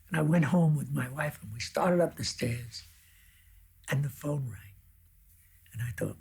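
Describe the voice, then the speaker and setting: Raspy, gravelly older man, hushed. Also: fairly high pitch, expressive, moderate pace, pauses often. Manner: hushed, soft, drops to near whisper. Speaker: actor telling an audition story.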